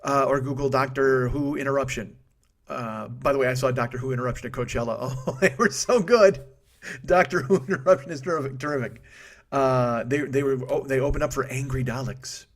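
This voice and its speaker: A man's voice: medium pitch, fairly quick. A man in his forties hosting a comedy podcast, rambling through a profane monologue, cutting himself off and laughing at his own jokes. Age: 40s. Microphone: studio microphone.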